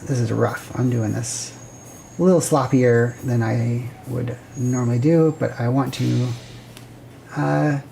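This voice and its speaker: A woman's voice: a bass voice, gravelly, dark tone, a little hiss or hum. A woman hosting a livestream, casually thinking aloud and chatting with viewers while she sketches a building plan. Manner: rambling, self-correcting, chatty with viewers. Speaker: livestream host.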